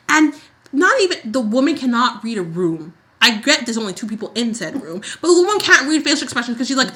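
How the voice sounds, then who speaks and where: Bright-voiced woman ranting about soaps. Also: on the high side, a little fast. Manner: animated ranting with acted-out quotes. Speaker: podcast co-host. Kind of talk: casual soap opera recap chat.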